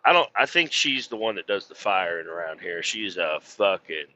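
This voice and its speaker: A man's voice: low-pitched, animated, normal speed, pushed and bright, dull audio. A man driving a truck, telling rambling, profane stories in a casual vlog from inside the cab. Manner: profane, rambling storyteller with mimicked voices. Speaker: truck driver vlogger.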